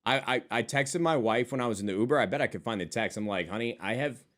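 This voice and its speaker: Fast and a bit bright, a medium-pitched male voice jokes and swears casually with his live stream chat. He's at his desk in front of a monitor, reading viewer messages and answering them.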